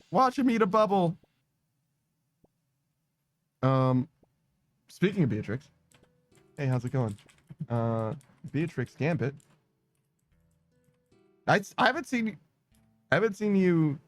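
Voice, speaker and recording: A man with a medium-pitched voice chats casually with his viewers while gaming on stream, rambling, giggling often, swearing a lot and mocking himself. There's no room sound: just a dry close mic and faint music in the background.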